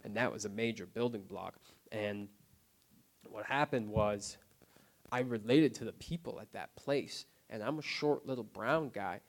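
A man sharing his recovery story in a casual, unscripted way, often quiet and subdued. He talks haltingly, filling his sentences with "like" and "you know what I mean" and restarting his phrases. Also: lowish voice. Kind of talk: personal testimony, casual and unscripted. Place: recovery group meeting.

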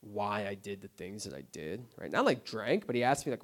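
A man's voice: lowish voice, big pitch swings. Earnest man telling his recovery story. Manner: halting, full of "like" and "you know what I mean", with restarts. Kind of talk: personal testimony, casual and unscripted. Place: recovery group meeting.

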